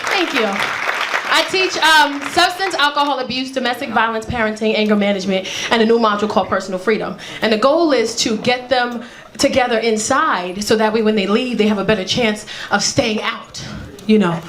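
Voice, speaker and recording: Brash high-voiced woman doing stand-up. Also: brisk, slight background noise. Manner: brash, profane, acts out loud shouting bits. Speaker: stand-up comedian. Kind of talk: stand-up comedy set. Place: comedy club stage before a laughing audience. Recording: live club recording with loud crowd laughter. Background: crowd laughing and cheering.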